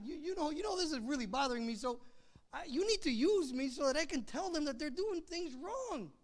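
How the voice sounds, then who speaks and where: A woman playing the prophet Elijah, an older man with a zealous, fiery temper, telling his story to children in a chatty way that swings from hushed to loud. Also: medium pitch, echoey room. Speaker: costumed Bible character for children. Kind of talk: children's Bible story role-play.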